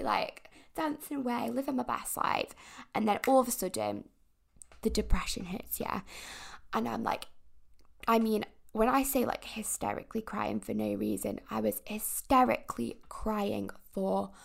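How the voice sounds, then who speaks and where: A young woman hosts a podcast in a loose, rambling chat. Her voice sits a touch high but carries a heavy, gravelly fry throughout. She keeps going with fillers and little asides. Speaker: podcast host. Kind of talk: casual confessional chat.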